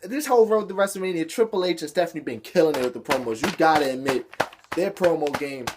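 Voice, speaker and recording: Young male vlogger, a bit high-pitched, loose, profane and excitable, rambling through a review. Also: fast, background noise. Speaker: wrestling show reviewer. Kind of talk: casual rant review.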